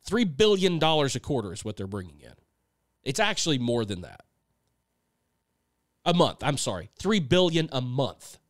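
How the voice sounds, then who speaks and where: A man's voice: medium pitch, dry recording. A man hosting his own podcast, talking in a blunt, sarcastic, casual monologue and swearing freely into a close microphone. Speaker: podcast host and songwriter.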